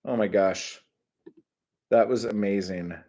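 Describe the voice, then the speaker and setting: A middle-aged man hosts his own livestream, chatting casually in a slow, lowish voice. He rambles and swears, breaking into sudden bursts of excitement.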